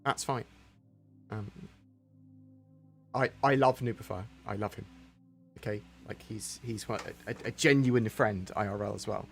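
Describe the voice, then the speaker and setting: A man's voice: on the low side, unhurried, vocal fry, pauses often, soft background music. A man answering viewer questions on a live stream in a rambling, candid way, with some mild swearing.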